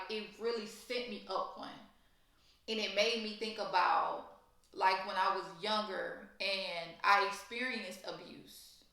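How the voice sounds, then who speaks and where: A young woman from Louisiana with a Louisiana accent, telling a profane, animated storytime vlog. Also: a little high, very echoey. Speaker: storytime vlogger.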